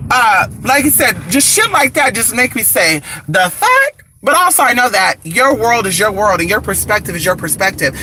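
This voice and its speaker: Man from california, livestream rant, high bright voice, lively swoops, faint background noise. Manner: brash, profane, animated, talks back to viewers. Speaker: livestreaming vlogger. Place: indoors, not at home. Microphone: phone.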